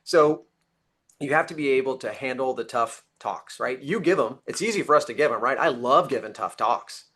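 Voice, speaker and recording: A man's voice: medium pitch, moderate pace, a bit bright, slightly rough. A man speaking as a guest on a business panel, emphatic and coach-like, often checking in with "right?". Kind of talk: casual panel discussion.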